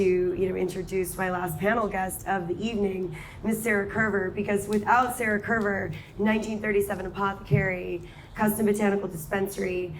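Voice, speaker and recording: An enthusiastic woman moderates a live panel and keeps up a steady stream of affirmations for her guests. Faint noise sits under her voice. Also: medium pitch. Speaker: podcast host and panel moderator. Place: event stage before a live audience.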